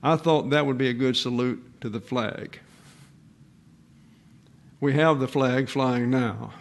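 Man in his 80s, pastor, sermon, gravelly voice, earnest, unhurried with pauses. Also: mid-range voice. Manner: earnest, measured delivery with pauses and fillers.

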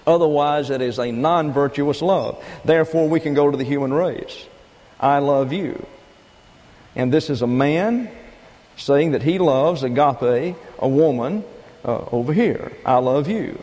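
A man preaching a doctrinal sermon, teaching in a measured, methodical way and repeating key phrases. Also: on the high side, darkish tone. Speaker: pastor. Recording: long reverb of a large hall.

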